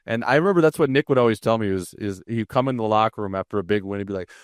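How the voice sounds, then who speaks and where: A man's voice: fairly low pitch, racing, dry recording, clean studio sound. A man co-hosting a casual hockey podcast, telling locker-room stories in an easygoing way.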